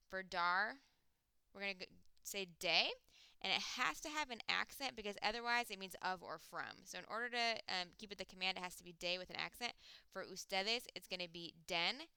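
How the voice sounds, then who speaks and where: A woman teaching a recorded Spanish grammar lesson, explaining step by step and slowing down to spell out example words. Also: mid-range voice, sharp tone, clear, resonant tone, no echo.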